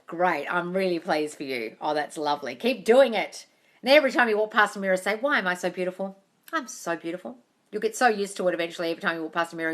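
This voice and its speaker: A manifestation coach hosts a live-streamed Q&A, reading viewer comments aloud, calling people darling, and swearing casually in an effusive way. Her voice is mid-range, bright, and forceful, recorded on a tablet mic.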